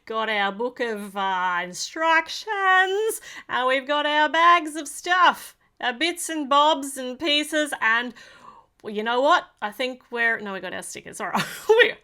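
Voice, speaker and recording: A high-pitched Australian woman with a sharp, bright tone, hamming up her broad accent and cramming in slang. She chats casually as she builds and reviews a Lego set, keeping it playful and full of jokes. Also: lively intonation, slow pace, clean tone. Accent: broad Australian, played up. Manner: playful, jokey, heavy on slang. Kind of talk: casual vlog narration while building.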